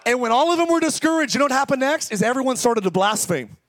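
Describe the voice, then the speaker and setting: A male pastor preaching an impassioned sermon that swings between fast talk, slow drawn-out words and shouting. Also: very high-pitched, animated. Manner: impassioned preaching, often shouting, sudden speed changes. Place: church service.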